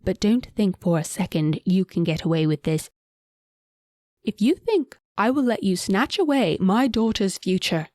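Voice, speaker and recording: A woman voicing an imperious, furious queen and mother, shrill and accusing with open contempt. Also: lively intonation, a little slow, darkish tone, no room sound, clean studio sound, close to an everyday voice.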